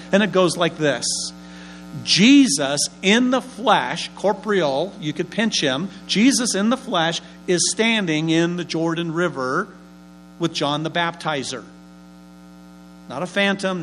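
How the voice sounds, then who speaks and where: A man preaching a sermon as pastor, lively, asking and answering his own questions and dropping homely, humorous asides. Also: a little high, a little hiss or hum, poor audio.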